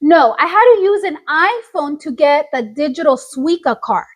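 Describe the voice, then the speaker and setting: A woman's voice: sits high, moderate pace. A woman, chatting casually as a podcast co-host and acting out the quotes in her stories. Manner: animated storyteller, acts out quotes, laughs often. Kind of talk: casual chat.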